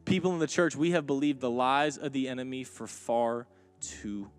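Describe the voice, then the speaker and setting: A man preaching a sermon in a church, moving from quiet, intimate lines to loud, emphatic ones. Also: medium pitch, normal speed, soft background music. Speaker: pastor. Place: church sanctuary.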